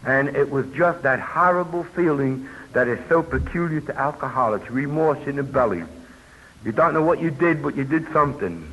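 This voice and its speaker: Speaking at normal speed in a medium, fairly bright voice, an older man from New York tells his story at a recovery convention. His testimony is plainspoken, peppered with folksy asides, and it's captured on muffled, hissy old tape.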